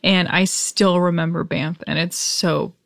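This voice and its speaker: Low, gravelly-voiced woman host. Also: fairly even intonation, a little slow, dry recording, studio quality. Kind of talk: casual interview chat.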